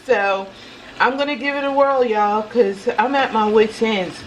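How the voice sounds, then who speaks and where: A woman's voice: on the high side, a little slow, a little hiss or hum, poor audio. A woman chatting casually to viewers while she cooks in her home kitchen. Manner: chatty, talks straight to viewers. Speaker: vlogger. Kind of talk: casual cooking vlog chat. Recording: home video with loud music behind.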